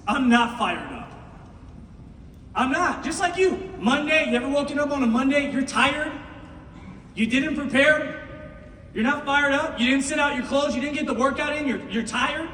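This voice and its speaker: A middle-aged man giving an impassioned motivational speech to a room of recruits, swinging from shouting to hushed tones. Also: very high voice, normal speed, pauses often, slight background noise. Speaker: business team leader speaking to recruits. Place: large meeting room with an audience. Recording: echoey hall, mic far off.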